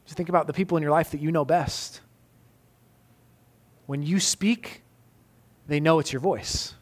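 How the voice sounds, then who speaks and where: A man preaching a sermon in a somewhat high voice. He swings from forceful, emphatic declarations to quiet, close questions aimed at the listener. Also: normal speed. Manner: emphatic, rising to loud peaks then dropping soft and intimate. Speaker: pastor.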